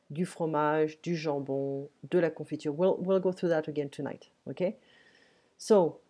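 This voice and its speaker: Teacher lady, soft warm voice, says things twice real patient. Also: low-pitched. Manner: patient, repeats phrases slowly and clearly. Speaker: French teacher. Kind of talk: live online language lesson.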